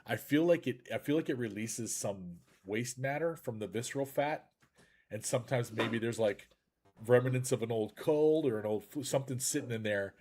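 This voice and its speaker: A man's voice: mid-range voice, moderate pace, a little hiss or hum. A man hosting a casual live chat show over a video call, joking and rambling, sounding a little congested. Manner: lively, jokey, rambling. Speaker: podcast host.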